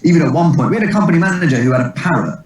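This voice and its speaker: A man, a comedian telling rambling stories in a relaxed interview, quick to laugh. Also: on the high side. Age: 30s. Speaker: comedian and impressionist guest. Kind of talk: casual interview chat. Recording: echoey distant mic.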